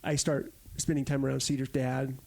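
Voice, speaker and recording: A man's voice: mid-range voice, flat delivery, normal speed, creaky, darkish tone. A man in his forties from Arizona, a podcast guest telling stories casually and animatedly, acting out the quotes. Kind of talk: casual storytelling.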